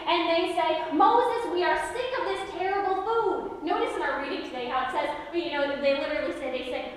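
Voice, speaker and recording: Woman pastor, animated storytelling sermon, high voice, long church reverb from a distance. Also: slight background noise. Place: large church sanctuary. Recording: echoey hall from far off.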